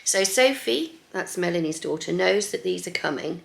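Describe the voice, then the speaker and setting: A chatty middle-aged woman hosting her own sewing vlog, her voice low and gravelly with plenty of fry. She talks in a lively, friendly flow and slips now and then into a soft near-whisper. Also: moderate pace. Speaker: sewing vlogger.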